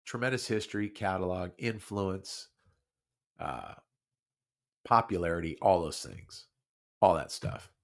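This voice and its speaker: A man's voice: sits low, a little slow, gravelly, pauses often. A man hosting a talk show, talking casually with lots of restarts and repeats while his nose is stuffed up. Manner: animated, repeats himself, many restarts. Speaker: podcast host. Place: studio.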